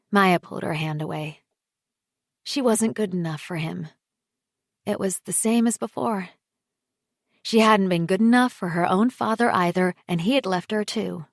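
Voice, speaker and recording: A woman narrating an audiobook with measured, quiet scripted reading on a close studio mic. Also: lowish voice, creaky, no room sound.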